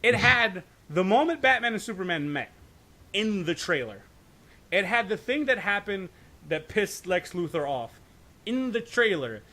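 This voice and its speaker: A man's voice: sits high, very animated, a little slow, pushed and bright. A man co-hosting a podcast, talking in a loose, profane ramble, often checking in with "right?" and stumbling over restarts. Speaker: podcast co-host. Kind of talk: casual podcast discussion.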